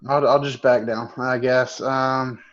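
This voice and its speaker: A man's voice: mid-range voice, little pitch movement, unhurried, muffled recording. A man playing a tabletop role-playing game, casual, stammering and swearing often. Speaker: player.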